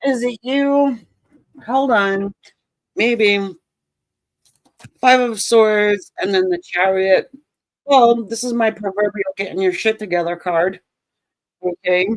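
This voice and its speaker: A woman's voice: mid-range voice, takes it slowly, long pauses, dry recording, poor audio. A woman giving a casual tarot reading, joking and sarcastic, swearing and laughing often. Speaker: tarot reader.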